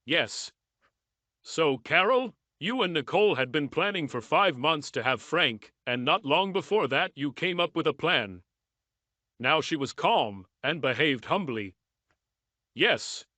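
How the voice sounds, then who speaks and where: A man narrating a first-person story in a measured, even reading style. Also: on the high side, no room sound.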